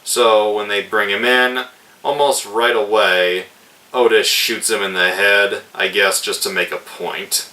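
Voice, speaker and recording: A man's voice: on the low side, fairly even intonation, a little slow, bright, forceful tone, recorded from a distance, low-quality recording. A man casually reviewing a film, retelling scenes in a loose, rambling way with lots of "like".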